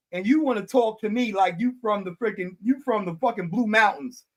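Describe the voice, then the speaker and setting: A male livestream host in loud, laughing, profane casual banter. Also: high voice, a little fast. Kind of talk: casual chat.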